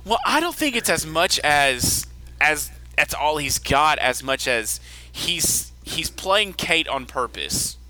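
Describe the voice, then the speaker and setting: A man's voice: on the high side, sing-song, slow pace, sharp tone, poor audio. A man hosting a podcast, casually recapping a TV episode, chatty, restarting sentences and laughing often. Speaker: podcast host.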